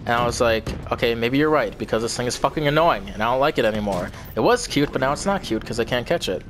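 A man's voice: medium pitch, expressive, fast talker, a bit bright, a little hiss or hum. A young man telling a story in a casual, rambling way, swearing often and repeating himself. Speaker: vlogger.

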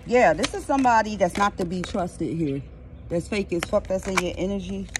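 A woman's voice: medium pitch, moderate pace, noisy background. A woman giving a casual tarot reading outdoors, blunt, profane and emphatic. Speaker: tarot reader.

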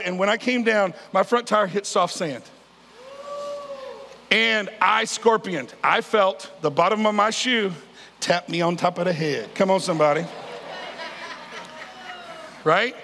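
A pastor in his 50s preaches in a large church sanctuary, his high voice bright and forceful with some vocal fry. His sermon is conversational and joking, full of calls out to the congregation. The recording carries a long hall reverb and slight background noise.

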